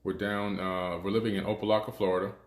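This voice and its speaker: A man's voice: deep voice, flat delivery, fast talker, roomy sound. A man in his fifties, a show host, telling stories in a casual, conversational monologue. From United States. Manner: conversational storytelling, frequent restarts.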